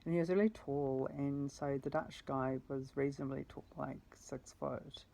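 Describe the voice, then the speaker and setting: A woman's voice: rumbling low, fairly even intonation, moderate pace, creaky, warm tone, low-quality recording. A woman telling a personal story in a meandering way, often correcting herself and swearing casually. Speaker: vlogger.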